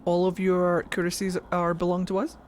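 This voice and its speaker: A woman's voice: lowish voice, completely flat delivery, moderate pace, a little mellow, slight background noise. A woman streaming a game, chatting in a goofy, rambling way to her viewers. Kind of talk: casual gameplay commentary. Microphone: desk microphone.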